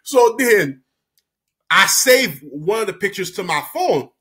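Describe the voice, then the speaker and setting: A man's voice: high voice, takes it slowly. A man telling a story to camera in a casual, rambling way, repeating himself, using lots of slang and laughing often. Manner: slangy and animated.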